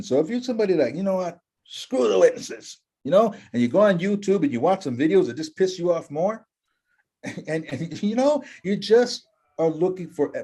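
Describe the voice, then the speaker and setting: Guy in an interview, pretty high voice, swings all over as he preaches self-help and does little voices. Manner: acts out quoted voices, lively and emphatic. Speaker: interview guest, empowerment coach. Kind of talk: animated motivational talk.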